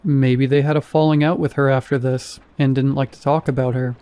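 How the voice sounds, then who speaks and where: A curious adult sister in a storybook horror tale, as read by a man in his own mellow voice. She asks plain, practical questions. Her tone is unhurried and warm. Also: medium pitch, little pitch movement, clear, resonant tone, lightly acted.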